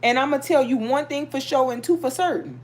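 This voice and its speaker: Animated woman chatting on a livestream. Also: sits high, a little fast. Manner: animated, storytelling, talks to viewers. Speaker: livestream host reading tarot. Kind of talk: casual live chat.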